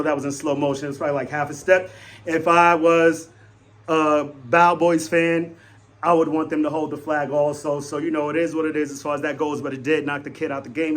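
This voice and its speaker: A young man excitedly talking through a game as a fan vlogger, swinging between loud hype and low muttering. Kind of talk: postgame fan commentary.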